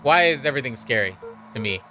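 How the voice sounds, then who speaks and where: A man's voice: medium pitch, expressive, quick pace, sharp tone, a little hiss or hum. A man streaming a game, reacting animatedly and reading its text aloud. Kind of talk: let's play commentary.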